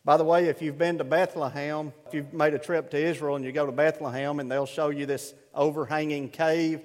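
Brief: male preacher, high pitch, animated folksy storytelling, echoing hall. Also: fairly quick. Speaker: pastor. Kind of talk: sermon with storytelling.

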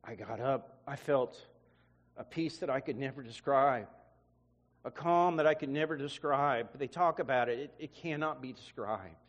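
A man's voice: mid-range voice, normal speed. A man preacher telling an emotional testimony in a sermon, often repeating words as he goes. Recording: long hall reverb.

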